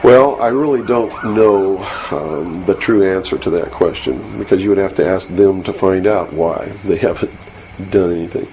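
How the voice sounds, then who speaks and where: On a low-quality 1992 interview tape with faint hiss, a male guest speaks earnestly and insistently, with many fillers and restarts. His voice sits low and sounds warm, moving at a moderate pace with few pauses.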